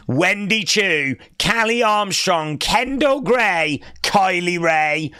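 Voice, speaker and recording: A young man hosting a live wrestling watch-along, calling the action and chatting with viewers, often shouting at big moves. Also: high voice, lively intonation, slow, few pauses, no room sound, studio quality.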